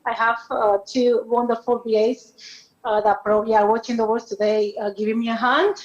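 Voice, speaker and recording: Woman, first language Spanish, slightly high voice, emotional and halting over a dull video call line. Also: flat delivery. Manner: warm, halting, laughs between thanks. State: emotional, close to tears. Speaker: award winner. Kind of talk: emotional acceptance speech. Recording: muffled video call audio.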